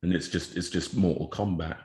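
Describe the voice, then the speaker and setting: Deep-voiced rambling rugby prop. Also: male voice, fairly even intonation, fairly quick, mellow, echoey room. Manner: rambling, filler-heavy, jokey. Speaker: podcast co-host, rugby prop. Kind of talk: casual chat.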